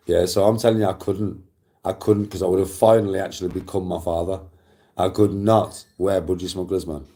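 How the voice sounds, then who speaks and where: A middle-aged Englishman with a very low, mellow voice, chatting casually. He rambles, swears freely and circles back over his own phrases. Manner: rambling, profane, repeats himself. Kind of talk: casual storytelling chat.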